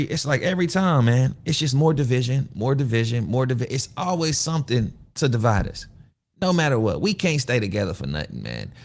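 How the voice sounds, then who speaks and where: A man's voice: medium pitch, creaky. A man hosting a casual livestream, talking loosely, rambling, repeating himself and putting questions to his viewers. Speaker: show host.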